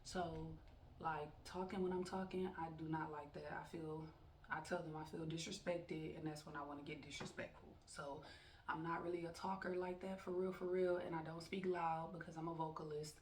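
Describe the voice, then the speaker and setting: A woman's voice: sits low, normal speed. Frank woman talking from across an echoey room. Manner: frank, animated, quotes her students and herself. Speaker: teacher and vlogger. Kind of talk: casual storytelling monologue. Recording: echoey room from far off with faint background noise.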